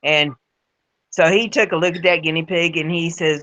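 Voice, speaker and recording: A woman's voice: deep voice, steady tone, moderate pace, fairly bright tone. A woman tells a story in a plain, folksy way, often repeating her words. The sound is dull and lo-fi. The room is dry, with no echo. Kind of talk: spoken storytelling. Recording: dull lo-fi recording.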